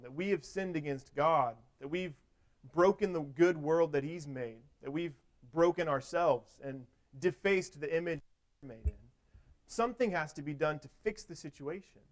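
A man giving a sermon in a conversational way, with frequent restarts and everyday illustrations. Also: on the high side. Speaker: preacher.

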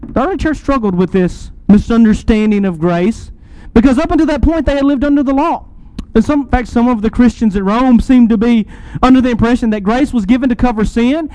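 A man preaching a sermon, building to emphatic swells and easing into slow, quiet pauses. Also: very high-pitched, no room sound, poor audio. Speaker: pastor.

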